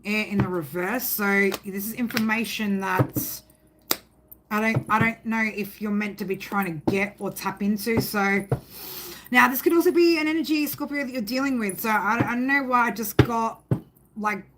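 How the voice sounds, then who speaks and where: A woman's voice: mid-range voice, normal speed, background noise. A woman giving a casual spoken tarot reading, rambling and emphatic, swearing freely and often tagging her sentences with "right?". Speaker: tarot reader.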